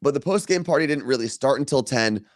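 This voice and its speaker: A man's voice: mid-range voice, animated, fast talker, no echo, studio quality. A man co-hosting a podcast, telling a long story in casual chat from a hotel room and laughing often. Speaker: podcast co-host.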